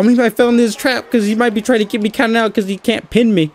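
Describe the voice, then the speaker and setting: A young man giving excitable live commentary over a wrestling video game, cheering and groaning at every move. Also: high voice, quick pace, hardly any pauses. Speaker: gaming channel host.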